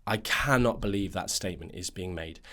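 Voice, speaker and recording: A man's voice: sits low, brisk, a bit bright. A man hosting a nutrition podcast, ranting in a casual monologue full of fillers and restarts.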